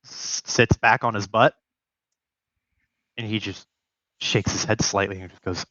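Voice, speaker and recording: A man's voice: fairly low pitch, a little slow, pauses often, no echo. Man narrating a game, dull dry mic. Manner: relaxed, filler-heavy narration. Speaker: game master.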